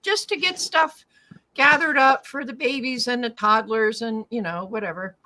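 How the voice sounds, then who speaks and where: Bright easygoing woman chatting about knitting, dry close mic. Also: fairly high pitch, moderate pace, no echo, low-quality recording. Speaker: podcast co-host. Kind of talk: casual chat.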